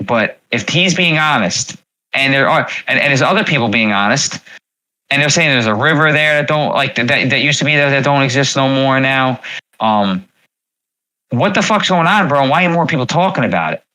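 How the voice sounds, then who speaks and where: A man's voice: medium pitch, lively intonation, normal speed, sharp tone, low-quality recording. A man hosting a casual livestream, rambling with many fillers and repeats. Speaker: livestream host.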